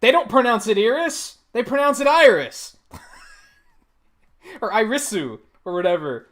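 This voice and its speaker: A man's voice: sits high, big pitch swings, moderate pace, fairly bright tone. A man live-streaming a video game, rambling casually and swearing often. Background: faint game music.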